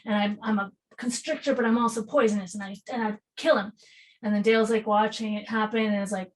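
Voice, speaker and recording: A spiritual healer appearing as a podcast guest tells a vivid story in casual talk, animatedly acting out other people's voices and swearing freely. Her voice is medium in pitch and fast, and the audio quality is poor.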